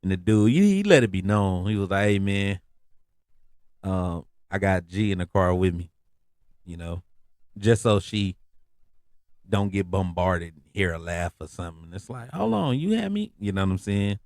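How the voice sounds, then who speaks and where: A man's voice: sits low, big pitch swings, moderate pace, a little mellow, dry recording, clean studio sound. A man hosting a podcast, telling a story in a casual, laid-back way, full of slang and repeated phrases. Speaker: podcast host.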